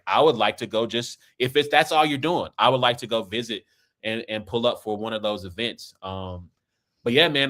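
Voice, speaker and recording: A man from Kansas City with an American accent and a lowish, slightly bright voice hosts a casual podcast conversation. He talks in a loose, rambling way, tagging his points with "right?" and "man."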